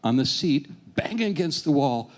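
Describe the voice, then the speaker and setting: A man in his sixties telling a personal story on stage, animated, self-deprecating and swearing freely. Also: fairly high pitch, normal speed. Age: 60s.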